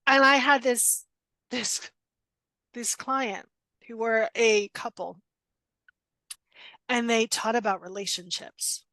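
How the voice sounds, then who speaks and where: Woman, middle-aged, podcast guest, blunt and animated, acts out quotes, slightly high voice, dry close sound. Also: slow pace, pauses often, no room sound. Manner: animated, acts out quoted dialogue, frequent laughs; blunt, direct. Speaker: guest, intuition coach. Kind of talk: casual podcast interview storytelling.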